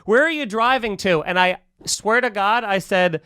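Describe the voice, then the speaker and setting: A man's voice: high voice, normal speed, smooth, dry recording, clean studio sound. A man on a podcast telling a long, heated anecdote in casual chat, acting out both sides and swearing freely. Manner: animated, acts out both sides of a quarrel, swears. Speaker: podcast host.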